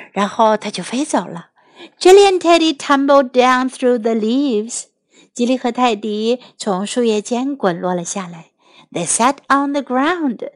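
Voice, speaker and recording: A woman teacher reading a children's story aloud in two languages, clear and expressive. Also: on the high side, no room sound. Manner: clear, expressive, slow English then Chinese.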